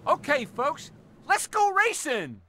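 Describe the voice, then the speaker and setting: A peppy race announcer in a racing game. His high, bright voice rises and falls with showman energy. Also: normal speed, slight background noise, heavily acted. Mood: hyped. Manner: lively announcer delivery. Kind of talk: race commentary.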